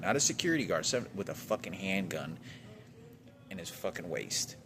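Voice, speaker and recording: A man's voice: low voice, very animated, normal speed, background noise. A man from Texas venting in a rambling, agitated monologue with heavy swearing, trailing off often.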